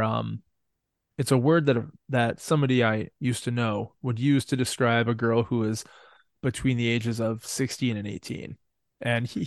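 A man co-hosting a casual chat, laughing often and throwing in quick quips. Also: medium pitch, no room sound, studio quality. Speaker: podcast co-host.

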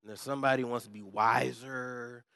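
A pastor preaching a lively sermon, jumping from loud pumped-up exhortation to quiet asides and acted-out voices. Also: male voice, mid-range voice, normal speed, gravelly, no room sound, studio quality. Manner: animated, swings from loud pumped-up shouting to quiet asides, acts out quoted voices.

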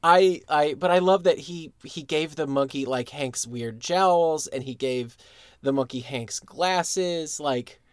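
A man's voice: on the high side, takes it slowly, clean tone, dry recording, studio quality. A man co-hosting a podcast, laid-back and jokey, laughing often. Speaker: podcast co-host. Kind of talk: casual chat.

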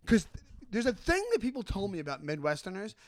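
High lively long island guy on a podcast, jumps into mocking voices, dry close sound. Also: fast talker, no room sound. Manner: animated, acts out mocking voices. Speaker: podcast co-host. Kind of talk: casual chat.

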